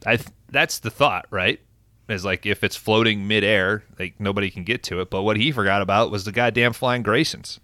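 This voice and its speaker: A man's voice: fairly low pitch, fairly quick, bright, forceful tone, dry recording. A man casually recapping a movie plot on a podcast, laid-back and profane, with lots of fillers. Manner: laid-back, swears often, frequent fillers. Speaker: podcast host recapping a film.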